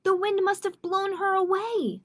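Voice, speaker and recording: A woman voicing an excitable male squirrel in a children's storybook, quick to panic and whimper. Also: high-pitched, exaggerated voice. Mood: panicked.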